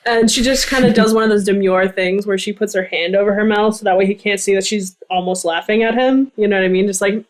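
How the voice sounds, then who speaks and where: Playful woman player in a tabletop game. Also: mid-range voice. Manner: quick, playful, laughs easily, slips into a prim formal character voice. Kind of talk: playing a character in a tabletop game.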